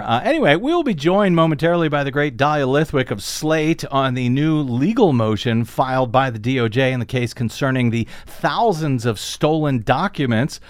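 Male radio host, lively sardonic delivery, dry studio sound. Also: mid-range voice, no echo. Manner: sardonic, fast asides with chuckles. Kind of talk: political talk radio commentary.

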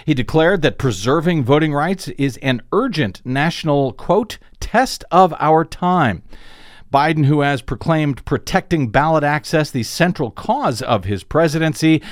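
A man's voice: on the high side, unhurried, dry recording. A man hosting a talk radio show, giving emphatic political commentary into a studio microphone. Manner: animated, emphatic delivery. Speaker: radio host.

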